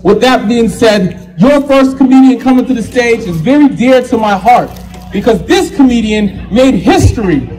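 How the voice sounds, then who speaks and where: A man in his thirties hosting a live comedy show, loud and playful, laughing through his lines. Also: very high-pitched, lively intonation, moderate pace, soft background music, rough recording. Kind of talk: stand-up comedy. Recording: live show with audible audience.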